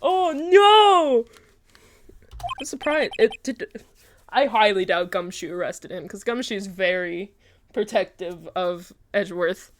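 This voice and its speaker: A young woman streamer giving casual, chatty gameplay commentary, giggly and animated. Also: mid-range voice, takes it slowly. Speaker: let's-play streamer.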